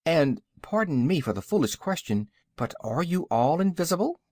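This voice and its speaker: A man voicing a kindly, courteous little old wizard in an audiobook, measured and polite. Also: fairly high pitch, sing-song, a little mellow, no room sound, studio quality, voice pushed up.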